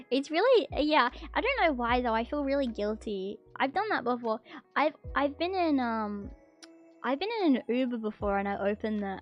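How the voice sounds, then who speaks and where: A high-pitched woman talks casually on a live stream, reading viewer confessions aloud. She gets excitable and bursts into gasps and shrill protests. Soft music plays faintly in the background. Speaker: VTuber streamer.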